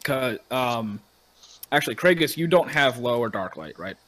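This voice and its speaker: A man's voice: medium pitch, expressive, moderate pace, a bit bright, poor audio. A man narrating as game master in a casual online tabletop game, loose and rambling. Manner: loose and rambling, with many fillers.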